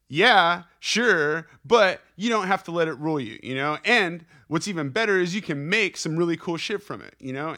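Young guy podcast host ranting and cussing, higher voice, bright and kinda tense. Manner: profane, fired-up, rambling pep talk. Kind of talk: casual podcast monologue.

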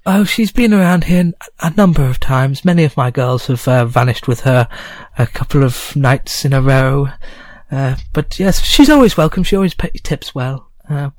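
A man's voice: medium pitch, animated, normal speed, dry recording, close to an everyday voice. A man voicing a friendly, gossipy female goblin innkeeper in a tabletop game. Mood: chatty.

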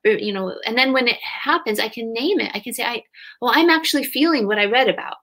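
A woman's voice: on the high side, quick pace. A woman in her thirties speaking as a guest in an interview, earnest and reflective, acting out parents and children as she explains. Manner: earnest, animated when acting out parents and kids. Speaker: guest, grief companion trainer. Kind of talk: conversational interview.

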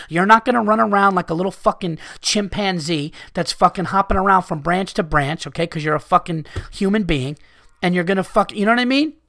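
A podcast host with a high, sharp voice rants to his listeners with profane exasperation, recorded in studio quality with no echo. He's an adult with young children and is recovering from an illness.

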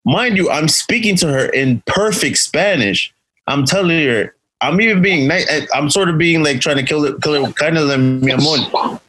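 A man co-hosting a podcast, telling a story in relaxed, chatty talk. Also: fairly high pitch, moderate pace, slightly rough, low-quality recording. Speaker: podcast co-host. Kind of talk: casual chat, anecdote.

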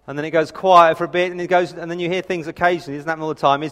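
A man's voice: a little high, a little fast, fairly bright tone. A man in his thirties preaching a sermon, telling family stories in a chatty, self-deprecating way. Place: church hall. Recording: reverberant hall.

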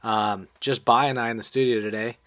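Speaking a little fast in a medium pitch, this man hosts a podcast from a small, echo-free studio. His manner is laid-back, with easy laughter and fillers throughout.

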